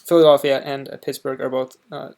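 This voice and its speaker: An American man offers casual reaction commentary in a monotone voice. It has a gravelly fry, and his dry asides come out hesitant and full of fillers. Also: medium pitch, a little fast. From United States. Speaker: reaction channel host.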